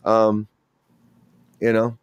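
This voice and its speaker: A man's voice: extremely slow, clear, resonant tone, no room sound, lo-fi sound. A man, an actor hosting the show, chatting casually and acting out quotes from his stories in a raised voice. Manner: animated storyteller, acts out quotes in high voice. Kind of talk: casual chat.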